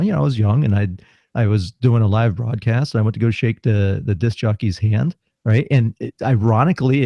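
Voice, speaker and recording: A man's voice: mid-range voice, no room sound. A middle-aged man from South Florida, co-hosting a podcast, telling casual anecdotes and laughing as he goes. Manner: laughs through animated anecdotes. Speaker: podcast co-host. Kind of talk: casual storytelling chat. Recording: muffled lo-fi recording.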